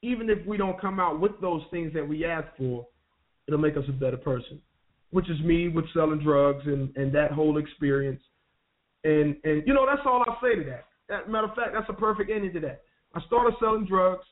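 A man on a radio show telling his life story in a relaxed, conversational way, using street slang and often restarting his sentences. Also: fairly high pitch, fairly quick. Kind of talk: personal storytelling. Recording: tinny phone line.

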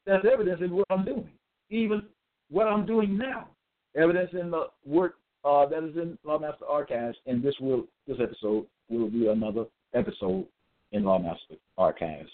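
Man preaching over tinny phone-like audio. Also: fairly high pitch. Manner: emphatic and repetitive, stressing words slowly. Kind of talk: religious monologue with scripture readings.

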